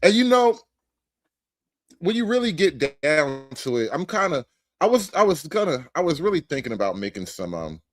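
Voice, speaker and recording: A man's voice: on the high side, sing-song, moderate pace, no echo. A man giving livestream commentary in a sarcastic, incredulous and rambling way. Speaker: streamer and commentator.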